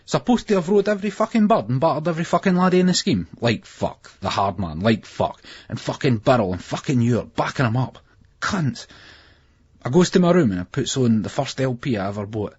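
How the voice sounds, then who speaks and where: A man narrating a first-person novel in a raw, gritty way, with a husky voice. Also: medium pitch, animated, quick pace, a little mellow. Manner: gritty, raw delivery with heavy swearing. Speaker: audiobook narrator. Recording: muffled lo-fi audiobook recording.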